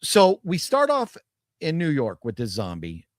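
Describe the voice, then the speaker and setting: A man's voice on the high side swoops wildly in pitch while keeping a measured pace. He's co-hosting a podcast, casually discussing a movie with rambling restarts and laughs. Clean studio sound, no room sound.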